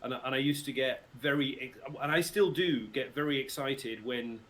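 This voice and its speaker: At a moderate pace and in a fairly bright mid-range voice, a middle-aged Englishman speaks over a little hiss or hum. He's a guest voice actor on a laid-back livestream from his mother's home, with a British RP accent and an easy laugh.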